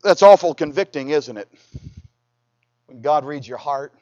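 A man's voice: a little high, animated, measured pace, darkish tone, no echo, dull audio. A man preaching a sermon in a folksy, conversational way, with humorous asides, who reads scripture aloud in old-fashioned wording. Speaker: pastor.

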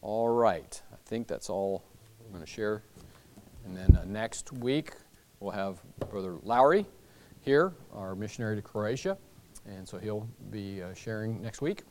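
A man's voice: lowish voice, expressive, a little slow, darkish tone, slight background noise. A man teaching a church Bible class, talking loosely with many fillers and restarts.

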